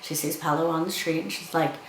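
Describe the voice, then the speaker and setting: A woman's voice: deep voice, fairly even intonation, quick pace, echoey room, a little hiss or hum, low-quality recording. A woman giving a casual film review, chattily retelling scenes and acting out the characters' lines.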